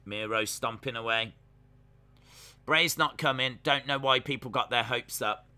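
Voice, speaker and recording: A man's voice: mid-range voice, unhurried, sharp tone. Chatty man doing live wrestling reaction. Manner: chatty, jokey, talks to chat while watching. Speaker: live-stream reaction host. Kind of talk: casual live reaction commentary, reading chat.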